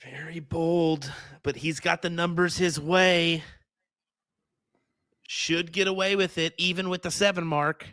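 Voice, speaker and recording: A man's voice: a little high, fairly even intonation, a little slow, pushed and bright, no echo. A man commentating a live darts match, giving chatty, upbeat analysis.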